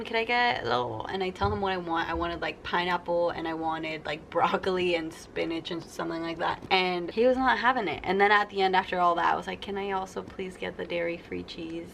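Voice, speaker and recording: A woman's voice: on the low side, gravelly, fairly bright tone. Young woman vlogger, chatty storyteller; faint room noise under her voice. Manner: chatty storytelling, acts out quoted people. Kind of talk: casual sit-down vlog.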